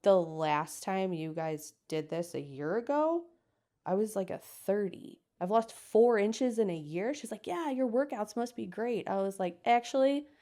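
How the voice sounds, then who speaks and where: A woman's voice: mid-range voice, gravelly. A woman in her thirties from the United States, telling a personal story as an interview guest and acting out the people she quotes. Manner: lively storyteller, acts out quoted voices.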